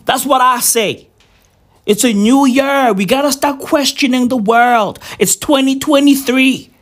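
Indoors at home over New Year, a young man with a very high-pitched voice rants to the camera a little slowly. The vlog is a rambling, mock-serious tirade full of swearing and slang.

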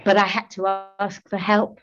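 A woman's voice: medium pitch, little pitch movement, moderate pace, a bit bright, lo-fi sound. An older woman, giving a personal testimony about her recovery, self-mocking, emotional and often laughing. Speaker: recovery speaker.

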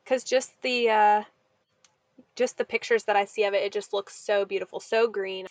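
A woman's voice: medium pitch, steady tone, normal speed, dry recording. A woman co-hosting a casual movie chat, giggly and a bit hesitant. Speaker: podcast co-host.

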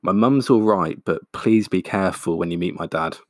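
A man's voice: sits low, moderate pace, no room sound, clean studio sound, close to an everyday voice. A man voicing an anxious young woman who talks in an earnest, cautioning way.

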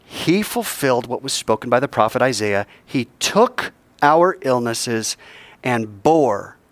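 A man teaching a Bible class in a conversational way, asking rhetorical questions and dropping to hushed tones. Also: mid-range voice, no echo.

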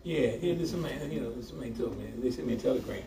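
Animated preacher in an echoey hall. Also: male voice, medium pitch, fairly quick, creaky, crowd noise. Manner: animated, talks with the congregation, laughs often. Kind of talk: sermon. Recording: echoey room from far off, noisy.

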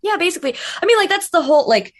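A woman's voice: extremely high pitch, expressive, very fast. A woman voice actor talking casually in an interview, rambling with many fillers and restarts, laughing easily. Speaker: voice actor guest.

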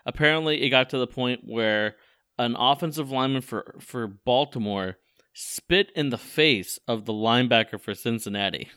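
Young male sports podcast co-host, bright and crisp voice, dry close mic, animated and laughs a lot. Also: mid-range voice, moderate pace, no echo. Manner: animated, laughs often, repeats words when excited. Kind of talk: casual sports chat.

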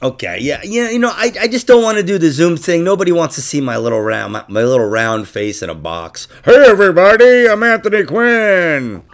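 Male podcast host, casual profane chat, gravelly, very expressive pitch. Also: a little fast, hardly any pauses. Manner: profane, animated, laughing asides.

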